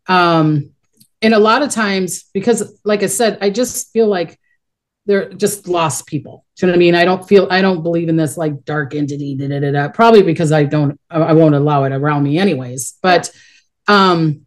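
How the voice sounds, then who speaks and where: A middle-aged woman talks in a low register, her stories rambling and chatty. She restarts sentences often and keeps a casual interview tone. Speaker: guest, psychic medium.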